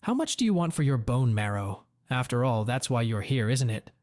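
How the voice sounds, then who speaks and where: A man's voice: mid-range voice, big pitch swings, fairly quick, a little mellow, dry recording, natural voice. A man voicing a bitter middle-aged woman who is cold and defensive, asking curt, cutting questions in a dry, close read. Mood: cold, sharp.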